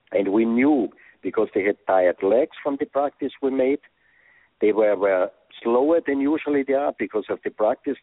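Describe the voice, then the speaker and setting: A former soccer coach being interviewed over the phone, speaking earnest English with non-native phrasing. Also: male voice, mid-range voice, breathy edge, dry recording. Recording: tinny phone line.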